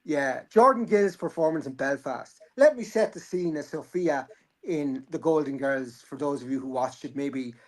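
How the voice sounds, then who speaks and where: A man's voice: fairly high pitch, moderate pace. A man, hosting a casual boxing chat, rambling and joking, swearing freely. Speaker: boxing podcast host.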